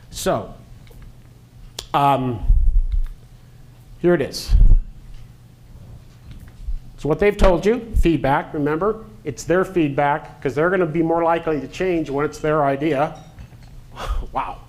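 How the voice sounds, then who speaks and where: A man, a physician, presenting a medical education talk to clinicians in a joking, halting way with fillers. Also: fairly high pitch.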